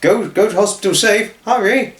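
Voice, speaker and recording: Man putting on an easygoing dad, higher pitch, echoey. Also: moderate pace, a little hiss or hum, lightly acted. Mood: concerned. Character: relaxed easygoing father.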